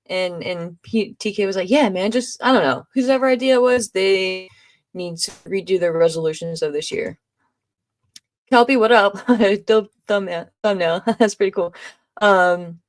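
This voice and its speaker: A woman hosting a live podcast stream, reading viewer comments aloud in a loose, chatty way, laughing often and making exasperated asides. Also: medium pitch. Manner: exasperated, eye-rolling asides. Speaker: podcast host.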